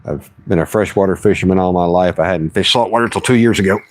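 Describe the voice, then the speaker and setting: Folksy, low-voiced fishing streamer man. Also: quick pace, no echo. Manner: chatty, folksy, reads chat aloud. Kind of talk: casual live-stream chat. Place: outdoors on the water.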